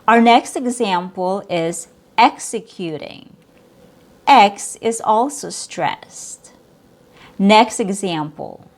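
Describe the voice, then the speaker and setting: A woman with a mid-range voice teaches English pronunciation, speaking slowly and articulating clearly. She draws out model sounds and single syllables.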